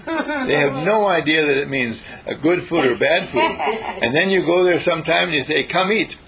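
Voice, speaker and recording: A man with a husky voice giving a spiritual talk, playful and questioning, asking his listeners things. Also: animated, moderate pace, a crowd in the background, poor audio. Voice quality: husky and gravelly. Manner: playful, questioning, with big swoops in pitch.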